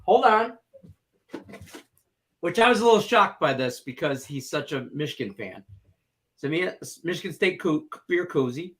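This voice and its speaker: A man's voice: fairly high pitch, normal speed, long pauses, a little hiss or hum. A man co-hosting a sports betting talk show, telling rambling, jokey stories in casual chat. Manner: rambling, jokey, animated storytelling.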